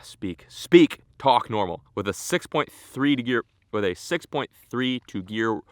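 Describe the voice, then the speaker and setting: A man vlogging while fishing from a boat on a lake, rambling casually and breaking into excited exclamations. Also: mid-range voice, normal speed, smooth, no echo, studio quality. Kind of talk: casual vlog narration.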